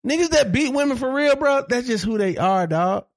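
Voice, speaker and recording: A man's voice: extremely high pitch, lively intonation, normal speed, dry recording, clean studio sound. A man co-hosting a casual podcast chat, heated and profane, repeating his points for emphasis. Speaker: podcast co-host.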